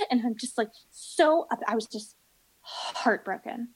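A woman telling stories in casual podcast chat, animated and acting out the people in them. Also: fairly high pitch, normal speed, breathy edge, poor audio.

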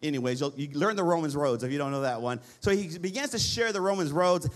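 A man's voice: fairly high pitch, lively intonation, fast talker. A middle-aged man preaching a sermon as pastor, pleading with the congregation and calling for responses.

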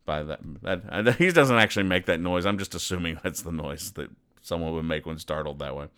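A man's voice: deep voice, brisk, fairly bright tone, smooth. A man hosting a comedy show, explaining comic strips in a dry, sarcastic way and briefly acting out the characters' lines. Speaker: comedy podcast host. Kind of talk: deadpan comic strip commentary.

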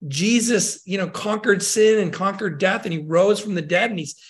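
A male pastor in conversation, telling a story in an earnest, reflective way with frequent pauses and restarts. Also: high-pitched.

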